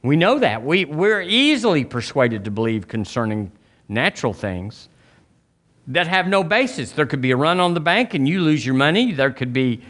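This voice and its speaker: A man preaching a sermon as pastor, telling folksy stories and acting out quotes in sudden high voices. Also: big pitch swings, moderate pace, a bit bright. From Southern US.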